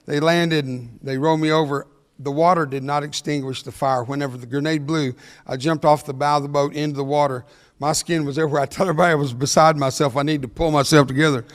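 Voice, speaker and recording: An older man, giving a motivational speech that mixes jokes with storytelling and talks fast. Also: a little high, in a large hall. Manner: energetic, joking, fast-talking. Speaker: motivational speaker. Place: large hall before an audience.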